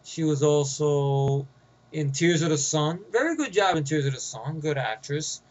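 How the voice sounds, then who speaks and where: A man's voice: on the high side, lively intonation, unhurried, muffled recording. A man with a New York accent giving a rambling, profane, casual movie review, often getting sidetracked.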